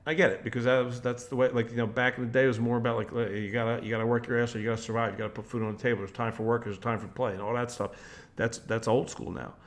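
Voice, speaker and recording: Man, casual monologue, animated, restarts and fillers, average-pitched voice. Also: fast. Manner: rambling, with frequent restarts and "like" fillers; animated, switching into quoted voices.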